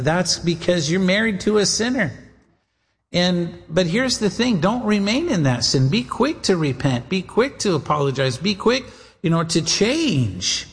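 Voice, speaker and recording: A pastor preaches in an earnest, direct way, calling out to his listeners and briefly playing the voices of others. His voice sits high for a man. It rings out with a long echo, as in a large hall. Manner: earnest, addresses listeners as guys and gals, acts out quoted voices. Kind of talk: sermon.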